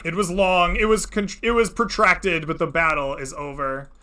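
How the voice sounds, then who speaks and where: A man narrating a tabletop game as game master, casual and lively, with plenty of "uh" and easy laughter. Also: on the high side, moderate pace.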